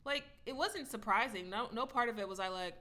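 A woman's voice: a little high, fairly quick, pushed and bright. A woman co-hosting a casual podcast chat, blunt and emphatic, with heavy profanity. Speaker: podcast co-host.

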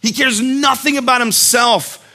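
A man's voice: very high-pitched, fairly even intonation, unhurried, sharp tone. A man preaching a sermon as a pastor, conversational and earnest, telling stories and acting out quotes with emphasis. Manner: conversational, storytelling with acted-out quotes.

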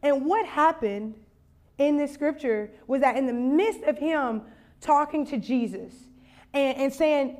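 A young woman with a bright, high voice gives a sermon. She chats loosely and jokes with her listeners, then builds to a passionate, urgent appeal. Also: measured pace. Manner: conversational, humorous, building to impassioned exhortation. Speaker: conference speaker.

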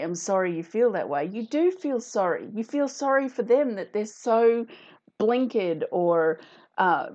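A woman's voice: medium pitch, a little mellow, dull audio. A woman hosting a casual talk, chatting to viewers and reading out their comments. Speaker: host.

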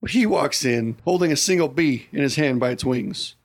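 A man's voice: medium pitch, animated, normal speed. A man on a casual podcast telling a story with animation and acting out his own reactions. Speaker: podcast co-host.

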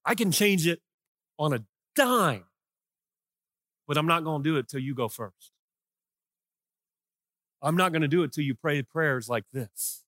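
A man preaching a sermon as pastor, swinging between impassioned shouted lines and hushed, quiet ones. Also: a little high, animated, normal speed, long pauses, dry recording, studio quality.

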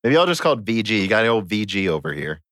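A man's voice: on the low side, sing-song, fast, a bit bright, no echo, clean studio sound. A man with a Midwestern American accent hosting a casual chat, joking and reading listener mail. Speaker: podcast host.

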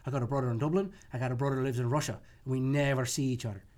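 Old Irish barfly, as a man puts him on, cheerful, wry, low-key, mid-pitched. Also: steady tone, rapid-fire, a little mellow, close to an everyday voice.

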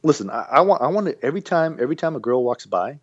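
A man co-hosting a podcast, rambling and animated in casual banter, full of restarts. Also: medium pitch, fast talker, slightly rough, no room sound, dull audio. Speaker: podcast co-host.

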